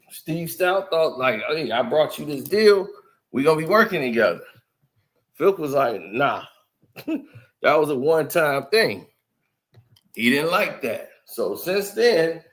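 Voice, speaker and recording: A man's voice: a little high, a bit bright, a little hiss or hum. A man giving casual commentary, explaining and asking rhetorical questions. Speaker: commentary streamer.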